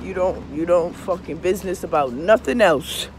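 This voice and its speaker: At normal speed and with a voice on the low side, a woman vlogs casually and confessionally amid background noise. A tarot reader by trade, she swears freely, speaks emphatically, and keeps asking "you understand?"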